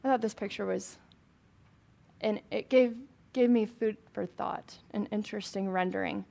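A woman's voice: mid-range voice, normal speed, vocal fry, dark tone. A woman leading a Bible study for a small group, reading scripture aloud and chatting with questions to the room.

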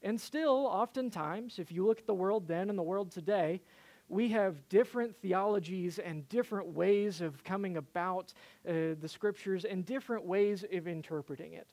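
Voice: medium pitch, normal speed, a little mellow. A preacher retelling an old legend during a sermon, talking hesitantly with frequent fillers and restarts. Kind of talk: sermon storytelling.

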